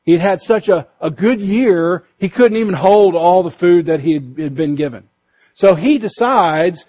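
A male pastor preaching a sermon, emphatic, pushing his voice up for stress and dropping low and quiet to drive points home. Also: normal speed, muffled recording. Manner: emphatic, rises and drops for stress.

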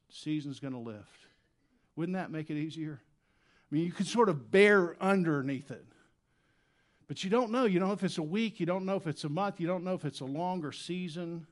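A man preaching a sermon in a church, his voice sitting a little high for a man. He talks earnestly and conversationally, dropping to quiet, low stretches and then rising loud when he acts out desperate prayers. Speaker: pastor.

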